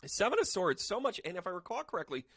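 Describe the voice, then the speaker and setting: A man's voice: high-pitched, big pitch swings, fast, a bit bright, dry recording. A man, a medium, chatting casually and animatedly as he gives a tarot reading to his viewers, with jokey asides. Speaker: psychic medium and tarot reader.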